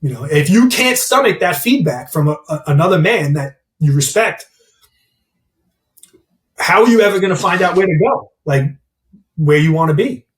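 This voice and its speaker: A man's voice: a little high, animated, normal speed, pauses often. A man who works as a mindset coach and gym owner, talking bluntly and candidly in a casual interview and swearing freely. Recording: roomy, distant mic.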